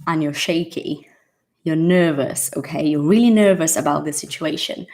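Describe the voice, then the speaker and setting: A woman's voice: sits low, normal speed, gravelly, a little mellow. A woman teaching an English lesson to her viewers in a casual, emphatic way, repeating key points and addressing them directly.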